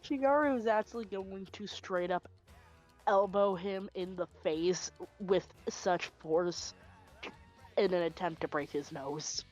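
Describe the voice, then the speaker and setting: A woman's voice: lowish voice, takes it slowly, darkish tone, muffled recording, faint music behind. Woman player declaring fierce moves. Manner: declares character actions with relish. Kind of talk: playing a tabletop game.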